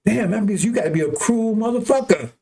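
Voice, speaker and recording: Expressive and brisk, this religious preacher has a high, warm voice. His impassioned, unscripted monologue turns heated and profane, and he repeats himself while asking "right?" or "see?"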